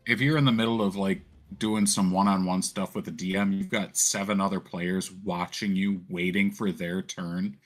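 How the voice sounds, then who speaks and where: A man's voice: deep voice, steady tone, normal speed, few pauses. A man who plays tabletop games, chatting in an easygoing way. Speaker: player. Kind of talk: casual chat.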